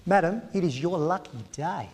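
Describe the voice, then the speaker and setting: Male auctioneer, very high voice, confident formal patter, long hall reverb. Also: moderate pace, a crowd in the background, background noise. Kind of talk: auction terms and sales pitch.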